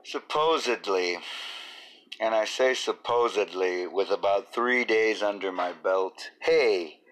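A man's voice: lowish voice, slow pace, a bit bright. A man in his thirties hosting a casual solo podcast, rambling and joking, often slipping into silly voices and bits of singing. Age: 30s. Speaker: podcast host.

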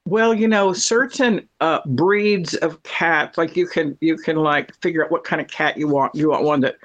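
A middle-aged woman telling a story in casual chat, chatty and animated, laughing often. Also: sits low, normal speed, dull audio. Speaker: cat owner telling a story.

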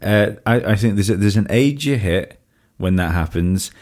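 A man's voice: fairly low pitch, normal speed. A man co-hosting a podcast, joking and rambling in casual chat. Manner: joking, rambling with restarts, lively delivery.

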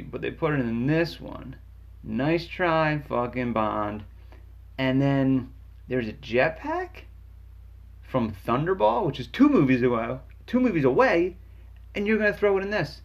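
A man ranting about a video game in an angry, sarcastic, profane comedic way, jumping in pitch for emphasis. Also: creaky. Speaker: game reviewer. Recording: dull lo-fi sound.

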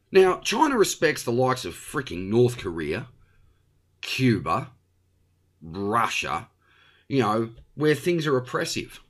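Blunt Australian male host, opinionated monologue, very lively pitch. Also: unhurried, pauses often. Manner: blunt and ranting, with frequent tag questions.

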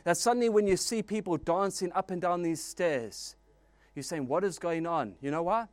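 A man preaching a sermon as pastor, animated and storytelling with jokes and asides. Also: sits high, moderate pace, no room sound.

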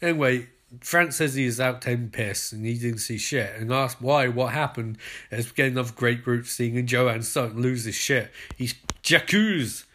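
A British man hosting a podcast, giving an excitable, sarcastic, sweary running commentary on a show. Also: mid-range voice, normal speed. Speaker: podcast host.

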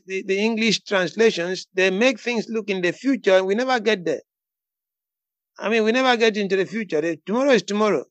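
A man preaching, who moves from quiet teaching into bold, emphatic declarations and often repeats words as he builds up. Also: high-pitched, no echo. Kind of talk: sermon with prayer call-in.

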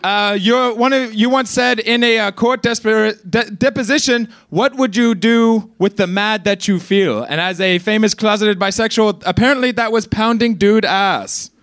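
A man playing Gandhi in a comedy roast, speaking high and bright in a shaky, mangled accent. He fires off brash, crude jokes and keeps giggling at his own material. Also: moderate pace, few pauses, dry recording. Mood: cocky. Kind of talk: stand-up roast set. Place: comedy stage.

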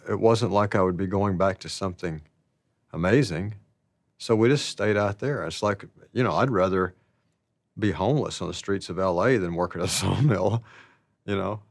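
In a low voice with no echo, a man in his sixties from the American South tells stories from his own life. He's an actor recounting his story, reflective and rambling, folksy and self-deprecating, sprinkling in plenty of "you know" asides.

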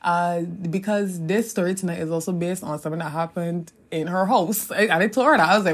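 A young woman in her twenties with a Caribbean English accent talks through her solo podcast in a loose, rambling monologue. Her voice sits a little low, and she drifts off topic, swears freely and laughs along the way. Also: fairly quick, few pauses, husky. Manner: chatty, digressive, swears freely, laughs often. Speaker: podcast host.

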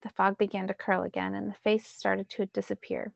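Teacher reading a novel aloud, gravelly voice. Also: female voice, medium pitch, a little fast, no echo, muffled recording. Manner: first-person narration with lively emphasis.

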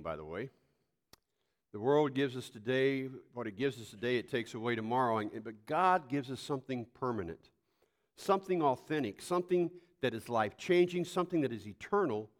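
An older man preaching a sermon, folksy and animated, telling homespun stories and sometimes breaking into loud outbursts. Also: medium pitch. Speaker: pastor.

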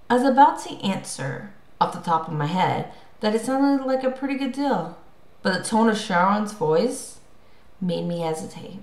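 A woman's voice: mid-range voice, lively intonation, moderate pace, a little mellow. Woman narrating an audiobook, roomy sound. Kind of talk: first-person audiobook narration. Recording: roomy echo.

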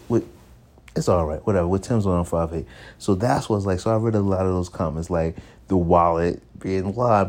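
A man in his thirties with a low, deep voice tells a casual story from his own life. His tone is warm and mellow, and he breaks into laughter as he goes. He jumps into other people's voices to act out what they said. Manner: animated, acts out others' lines in shifting voices; laughs between lines. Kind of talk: casual anecdote telling.

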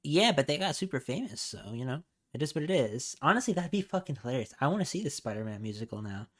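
A man's voice: medium pitch, sing-song, fast talker. A man hosting a casual podcast, rambling with lots of fillers and swearing freely. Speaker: podcast host.

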